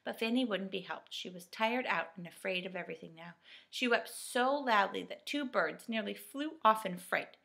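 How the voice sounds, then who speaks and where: A woman reading a children's storybook aloud in a lively, expressive way. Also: medium pitch, moderate pace, gravelly, breathy edge. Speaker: reader. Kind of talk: storybook narration.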